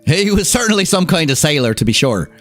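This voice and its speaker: A man's voice: a little high, fast talker, faint music behind. A man with a Southern California accent hosting a livestream, reading aloud and joking with his chat. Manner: animated, joking, swears, riffs on chat. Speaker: streamer host.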